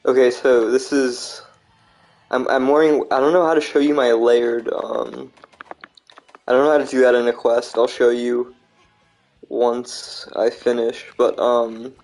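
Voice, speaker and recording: A man chatting casually while streaming a game, rambling, self-mocking, full of halting restarts. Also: medium pitch, little pitch movement, a little mellow, poor audio. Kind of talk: casual gaming chat.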